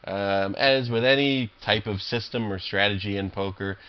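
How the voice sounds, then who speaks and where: Low-voiced man ranting over poker. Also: normal speed, clear, resonant tone, muffled recording. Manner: irritable, swearing, rambling with many fillers and restarts. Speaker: online poker player commentating his own games. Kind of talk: profane live game commentary.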